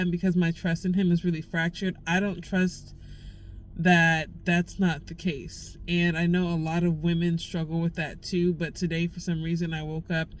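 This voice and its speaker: A woman's voice: on the low side, slight background noise, poor audio. A young woman vlogging candidly, venting raw frustration in casual slang. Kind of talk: candid personal vlog.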